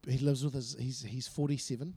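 A man co-hosting a podcast, telling stories with lively acted-out quotes in casual chat. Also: medium pitch, a little fast, breathy edge, dry recording. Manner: animated storyteller, acts out quotes. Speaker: podcast co-host.

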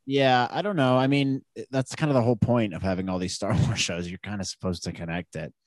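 A young man co-hosting a casual chat, joking and animated. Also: lowish voice, a little fast, no room sound, studio quality. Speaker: podcast co-host.

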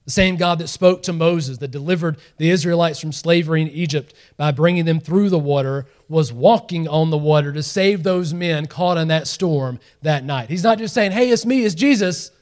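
A man preaching a sermon, telling the story in an animated way, acting out the scenes and laughing along. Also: a little high, moderate pace, few pauses. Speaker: pastor.

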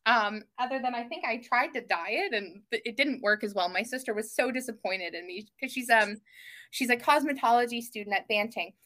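A young woman guesting on a podcast, telling family stories in casual chat with lively gasps. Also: fairly high pitch, brisk. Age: young adult. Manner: animated storyteller, gasps and mimics family voices.

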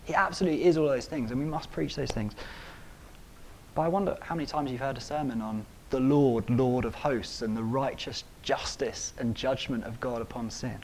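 A man delivers a sermon in an emphatic style. He stresses key phrases by repeating them and climbs to loud peaks on important words. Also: mid-range voice, fairly quick, a little hiss or hum. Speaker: preacher.

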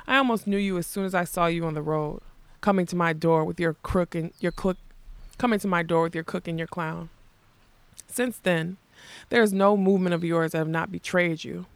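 A woman reading the lines of a mad, possessive old king, soft and menacing in turn. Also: fairly low pitch, normal speed, no echo, close to an everyday voice. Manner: soft and menacing, turning fierce and childlike.

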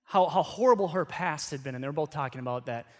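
High-voiced pastor telling a story. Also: male voice, animated, quick pace. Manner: conversational storytelling with many restarts. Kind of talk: sermon.

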